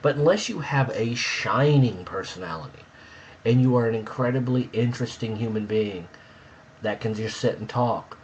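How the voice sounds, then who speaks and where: A man's voice: medium pitch, moderate pace, a little hiss or hum. A man hosting a podcast, ranting in a blunt, sarcastic way in casual chat. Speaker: podcast host.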